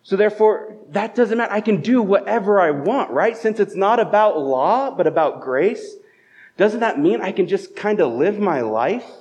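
In a high, expressive voice with a darkish tone, a male pastor tells stories and asks rhetorical questions during a conversational church sermon. He keeps a moderate pace, and the sound is muffled and lo-fi.

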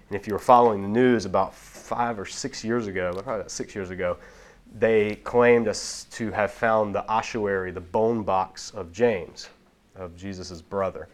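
A man teaching about the Bible in a relaxed, explanatory way, often restarting his sentences. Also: on the low side. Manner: explanatory, with frequent restarts and repeated words. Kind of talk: casual teaching talk.

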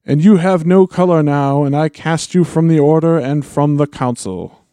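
A man voicing a stern, commanding old male wizard, reading a book passage aloud slowly and deliberately. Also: on the low side, darkish tone, no echo, clean studio sound, voice pushed down.

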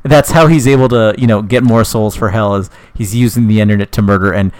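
A man's voice: lowish voice, steady tone, fairly quick, a little mellow. A young man co-hosting a podcast, telling a rambling, jokey story in casual chat and laughing often. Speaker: podcast co-host.

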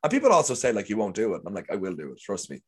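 A man's voice: on the low side, big pitch swings, racing, breathy edge. A young Irish man telling stories in casual conversation, rambling and acting out what people said. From Ireland. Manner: chatty, rambling storyteller who acts out quotes. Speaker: guest actor. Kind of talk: casual chat.

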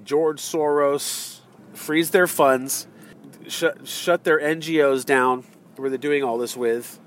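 A man's voice: a little high, fairly even intonation, slow pace. Man ranting from his car. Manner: heated, rambling, with many fillers and restarts. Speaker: vlogger. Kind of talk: ranting political monologue. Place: in a car in traffic.

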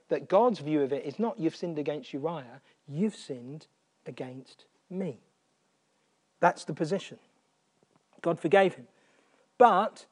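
A man preaching a sermon, earnest, repeating phrases for emphasis and dropping almost to a whisper on quiet points. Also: on the high side.

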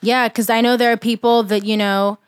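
A woman guest on a podcast, explaining things in a measured, casual way. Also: on the high side, flat delivery, smooth, no room sound, studio quality.

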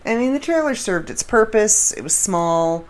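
Chatty middle-aged American woman, lively. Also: mid-range voice, moderate pace. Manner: rambling, chatty, laughs at her own stories. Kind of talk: casual monologue storytelling.

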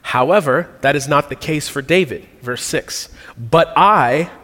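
A man with a slightly raised pitch delivers a sermon in an earnest, reflective way, often pausing and restarting his thoughts. His voice carries through a large hall with a long, trailing reverb. He sounds like a pastor speaking in a church sanctuary. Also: a bit bright.

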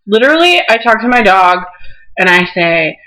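Young woman, bright tone, nervous, dry self-mocking humor, casual chat. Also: medium pitch, big pitch swings, normal speed, poor audio. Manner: anxious, wry, self-deprecating.

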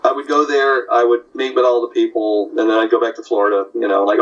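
A man's voice: medium pitch, quick pace, hardly any pauses, far from the mic, dull audio. An older man, a comic artist, telling stories in casual talk and putting on voices for the people in them. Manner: animated, puts on voices in anecdotes. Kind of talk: casual storytelling.

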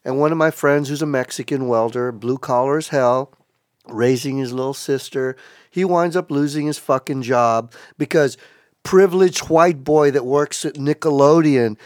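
A man as a podcast guest in casual chat, telling stories in a profane, animated way. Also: mid-range voice, no room sound, clean studio sound.

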